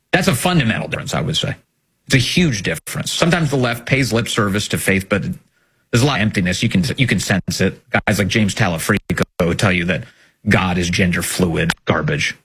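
Emphatic husky male commentator. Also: on the low side, fairly bright tone. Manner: emphatic, repetitive, indignant. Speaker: political commentator host. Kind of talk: opinion monologue.

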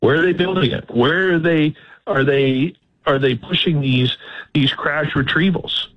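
A man's voice: on the high side, measured pace. Guy hosting a talk show, earnest and emphatic, a bit muffled. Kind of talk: casual conversation. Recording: slightly dull audio.

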